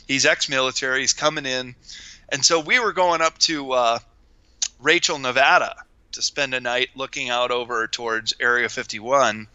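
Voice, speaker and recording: Gregarious male guest telling stories, very bright and crisp voice, dry close sound. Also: mid-range voice, normal speed, dry recording, muffled recording. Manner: gregarious, animated, acts out quoted voices. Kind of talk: casual storytelling chat.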